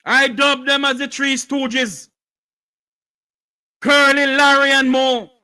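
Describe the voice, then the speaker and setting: A Jamaican man giving an impassioned political speech, fiery and declamatory, often shouting. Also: extremely high pitch, level tone, slow, low-quality recording.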